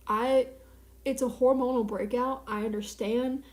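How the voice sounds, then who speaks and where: A woman's voice: fairly high pitch, steady tone, measured pace, a little mellow. Chatty young woman streamer, echoey room. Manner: chatty, rambling, self-mocking. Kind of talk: casual live-stream chat. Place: small home apartment at night.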